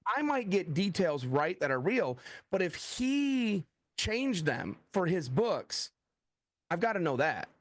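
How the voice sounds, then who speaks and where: A middle-aged thriller author from the USA speaks slowly in a high-sitting voice, animatedly recounting stories in a casual interview, performing quoted dialogue and using "like" a lot. The recording is dry, with clean studio sound.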